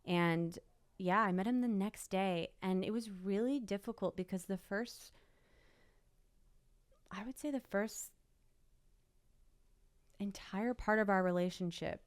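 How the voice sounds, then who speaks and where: A woman's voice: medium pitch, a little slow, pauses often, smooth, no echo. A young woman, an interview guest, emphatically retelling a personal story and quoting what people said. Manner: emotional, emphatic retelling with quoted dialogue.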